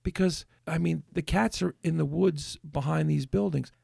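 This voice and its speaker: A man in a casual podcast chat, rambling through a story and restarting his sentences as he goes. His voice sits a little high and carries a gravelly fry. The sound is dry and close to the mic. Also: normal speed, dark tone, no room sound. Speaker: podcast host.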